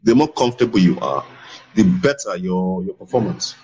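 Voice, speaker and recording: A man's voice: low voice, lively intonation, normal speed, a little mellow, breathy edge, poor audio. A man, a guest in an interview, talking emphatically and repeating his points for stress. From Nigeria. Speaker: voice acting guest. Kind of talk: conversational interview.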